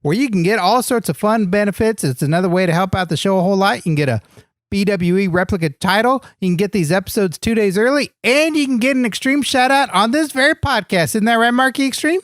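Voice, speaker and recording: A man's voice: sits high, quick pace, no echo, studio quality, natural voice. A man doing a naive, cheerful wrestler sidekick. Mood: upbeat. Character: dim, earnest male wrestler sidekick. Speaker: comedy podcast co-host. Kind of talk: improvised comedy podcast banter.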